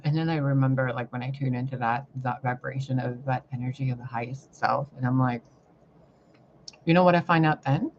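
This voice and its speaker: A woman vlogging a rambling, profane spiritual rant that swings between loud outbursts and hushed muttering. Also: rumbling low, brisk, dull audio, a little hiss or hum. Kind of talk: ranting spiritual vlog monologue.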